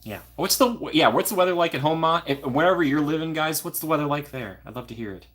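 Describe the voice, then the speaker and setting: A man's voice: a little high, fast, fairly bright tone. A young man from Minnesota hosting a casual live stream, chatting and answering viewer comments by name. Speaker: livestream host.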